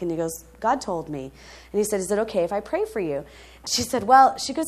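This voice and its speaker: A woman preaching, telling a testimony story in an animated way, laughing often and checking in with her listeners. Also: mid-range voice, quick pace.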